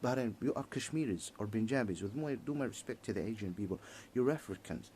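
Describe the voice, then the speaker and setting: Man, ranting monologue, halting repetitive english, animated swooping pitch, faint background hiss.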